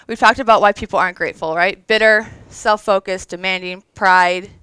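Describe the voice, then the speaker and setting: A woman's voice: mid-range voice, fairly even intonation, brisk, sharp tone, smooth, no echo, rough recording. A woman in her thirties giving a conversational, earnest devotional talk to an audience, emotional at times. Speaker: women's event speaker.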